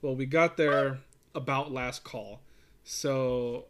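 A man's voice: medium pitch, fairly even intonation, takes it slowly, slight background noise. Rambling, profane male storyteller. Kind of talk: casual chat.

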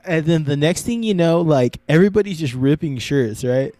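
A man's voice: a little high, expressive, moderate pace, a little mellow, no room sound. Laid-back young man, casual podcast chat. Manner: loose, laughing, filler-heavy. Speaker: podcast co-host.

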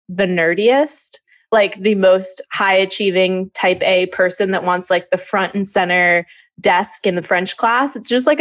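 A woman co-hosting a podcast, chatting casually about a show and often saying "like" in a relaxed way. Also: fairly low pitch. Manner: relaxed, fills talk with "like". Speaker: podcast co-host. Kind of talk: casual recap chat.

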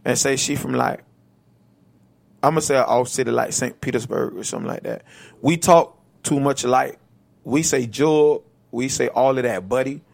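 Man, Florida accent, gravelly voice, rambling slangy casual chat. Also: mid-range voice, normal speed, long pauses. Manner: rambling, slangy, says "bro" a lot.

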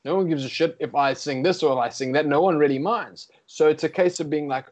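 A man's voice: on the high side, fast, hardly any pauses, darkish tone. A young man with a South African accent, a guest musician chatting casually in an interview, slangy and easygoing. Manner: laid-back and chatty, slangy.

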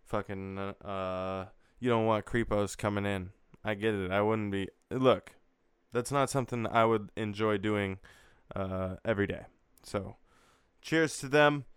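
A man's voice: on the low side, unhurried, clear, resonant tone, dry recording, clean studio sound. A young man hosting a crude morning beer-review show, rambling and swearing with lots of fillers. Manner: profane, rambling, frequent fillers. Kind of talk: crude casual morning vlog.

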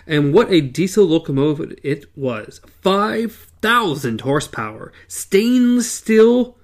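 A man's voice: a little high, lively intonation, a little slow. A man hosting a podcast, casually reading a storybook aloud in a playful way and stumbling over words now and then. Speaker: podcast host.

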